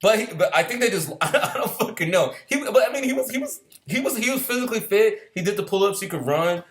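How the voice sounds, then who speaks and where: A man with a slightly high voice tells a casual anecdote at a rapid clip. He swears freely, laughs often between lines, and slips into loud impressions of yelling drill instructors. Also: lively intonation. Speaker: storyteller recalling boot camp.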